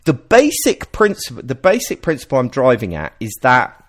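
A man hosting a podcast, explaining ideas in a casual, animated way and often restarting his sentences. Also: mid-range voice, moderate pace. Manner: animated, explanatory, self-interrupting. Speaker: podcast host.

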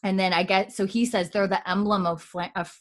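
A woman's voice: mid-range voice, fairly even intonation, a little fast. A woman co-hosting a podcast, casually retelling scenes and quoting the characters' lines. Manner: retells scenes with quoted lines, chatty and giggly. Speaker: podcast co-host. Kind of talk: casual recap chat.

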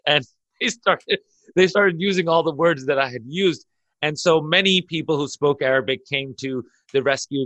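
Bright-voiced man telling a story excitedly. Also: medium pitch, dry recording. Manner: excitable, laughs through his story, rushes in bursts. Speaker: imam and podcast guest. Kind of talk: animated storytelling in a podcast chat.

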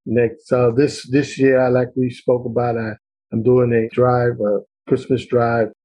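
A middle-aged man, a real estate agent being coached, who talks haltingly and often restarts his sentences. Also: mid-range voice, little pitch movement, warm tone, rough recording.

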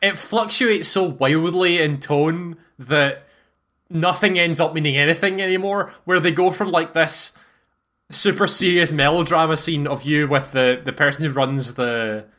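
A man in casual podcast chat about a game, talking in a fast, exasperated ramble with swearing. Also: fairly high pitch, sharp tone. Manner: exasperated, profane, rapid rambling. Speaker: podcast co-host.

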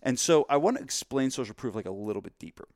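A man co-hosting a casual podcast about gym marketing, telling an animated story and acting out voices. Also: mid-range voice, fast talker, no echo, clean studio sound.

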